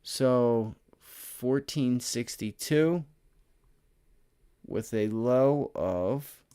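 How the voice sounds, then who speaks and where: A tired, excitable man hosting a livestream, talking casually through stock charts and addressing his chat. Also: mid-range voice, extremely slow, clean tone. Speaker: stock trading livestream host. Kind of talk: casual live chart commentary.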